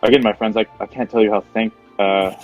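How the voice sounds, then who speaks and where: A man's voice: fairly low pitch, fairly even intonation, fast talker, soft background music, close to an everyday voice, rough recording. A man voicing a pompous, refined male art patron who stammers and gushes in flowery art talk. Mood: gracious.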